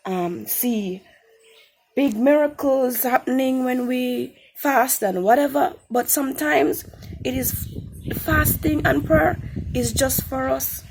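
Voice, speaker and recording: Slow, gravelly woman testifying. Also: sits high, a little mellow, slight background noise. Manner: earnest, reflective, repeats phrases for emphasis. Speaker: testimony speaker. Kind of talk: spoken Christian testimony.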